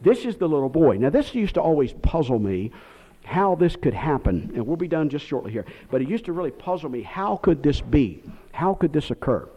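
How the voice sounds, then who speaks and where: A man preaching a sermon, his voice sitting a little high for a man. He wanders off on tangents and then comes down hard on a point. The recording is dull and lo-fi. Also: sing-song, fairly quick, breathy edge. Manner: rambling, digressive preaching with sudden emphatic outbursts.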